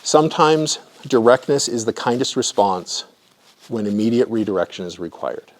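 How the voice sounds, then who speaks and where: A man's voice: mid-range voice, lively intonation, normal speed. Middle-aged guy lecturing, tells lots of stories, keeps asking "okay?", medium voice. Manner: storytelling, often checks in with the audience. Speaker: clinical supervisor and presenter. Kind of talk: conversational lecture with anecdotes.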